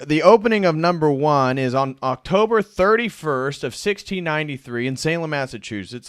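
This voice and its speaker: A man with an ordinary mid-range voice hosts a livestream and steers the conversation. He reads a plot summary aloud, and his voice sounds dry, with no room echo. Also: a little high. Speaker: livestream host. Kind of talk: casual livestream discussion.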